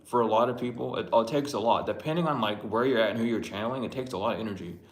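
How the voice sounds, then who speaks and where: Man, tarot reader, blunt and profane, mid pitch, echoey room. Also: rapid-fire. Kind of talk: casual spiritual reading rant. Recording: roomy echo.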